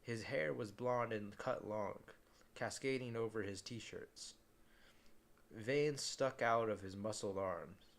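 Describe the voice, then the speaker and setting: A man's voice: on the low side, takes it slowly. A man reading a novel aloud in a casual way, often stumbling and restarting words.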